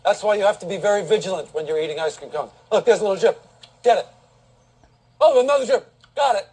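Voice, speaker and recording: A man's voice: sits high, animated, fast talker, a little mellow, breathy edge. An actor playing a neurotic, argumentative middle-aged man who quibbles in a sitcom scene. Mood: incredulous. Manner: quibbling, incredulous. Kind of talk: sitcom dialogue.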